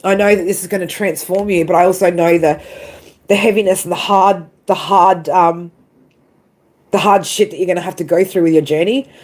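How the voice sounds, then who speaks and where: A woman's voice: fairly low pitch, fairly even intonation, a little fast, a little mellow. A woman doing a live tarot stream, tearful and emotional, swearing freely and tagging lines with "right?" and "man". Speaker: tarot reader.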